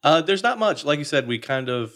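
A man, a sketch comedian, chatting in a casual interview, relaxed and hesitant, with self-mocking laughs. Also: fairly high pitch, fairly quick.

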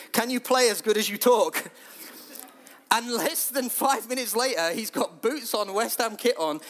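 This is a middle-aged man with a high voice, preaching to his church. He talks in an easy, conversational way and often lifts his voice to act out what other people say. His tone stays lively and chatty throughout. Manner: lively, conversational, acts out quotes in a raised voice. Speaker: church leader. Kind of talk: sermon.

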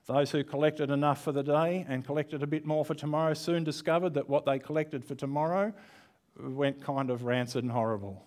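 A man's voice: a little high, fairly even intonation, fairly quick, a little mellow. A man preaching an online church sermon in a conversational, candid way, with self-deprecating asides.

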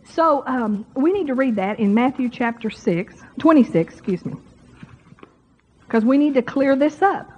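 A woman preaches to her congregation in a folksy, chatty manner, often turning straight to the people in front of her. Her voice sits high and has a breathy, husky edge. The sermon is captured on a dull, lo-fi recording. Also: lively intonation, normal speed.

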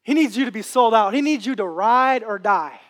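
A man's voice: sits high, lively intonation, normal speed, fairly bright tone. A man preaching a sermon with impassioned, repetitive phrasing. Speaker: pastor.

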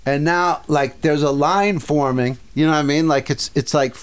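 A man telling a story in casual chat, animated, acting out the yelling and voices in it and swearing freely. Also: fairly high pitch, normal speed, smooth.

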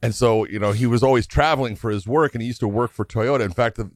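A man's voice: medium pitch, fast, dry recording. A middle-aged man telling farm stories in casual chat, laughing as he goes. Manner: animated, laughing storyteller. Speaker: podcast guest telling stories.

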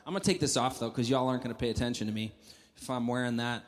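A man's voice: mid-range voice, very fast. A young man with a Southern US accent, a youth pastor preaching a sermon, chatty and joking with the congregation. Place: large church hall. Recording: echoey hall, mic at a distance.

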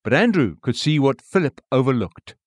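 A man reading an old sermon in an earnest, measured way. His pitch rises and falls in a lively, expressive line. The sound is close and dry, with no room around it. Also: breathy edge, no echo. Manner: measured, earnest, rhetorical questions. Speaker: preacher. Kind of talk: read-aloud sermon.

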